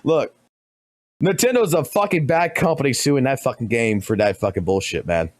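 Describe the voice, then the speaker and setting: A man streaming live commentary, blunt and profane, talking fast and animated. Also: mid-range voice, no echo.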